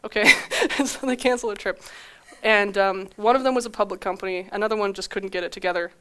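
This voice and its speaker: Speaking fast in a clean, mid-range voice, this young woman delivers a conference talk. Her story is lively, full of acted-out quotes and frequent laughter.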